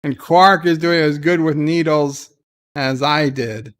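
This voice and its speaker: A man's voice: a little high, steady tone, slow pace. A man hosting a casual live watch-along, retelling the scenes loosely with many "uh" and "like" fillers and answering viewer chat in passing. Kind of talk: casual live episode commentary.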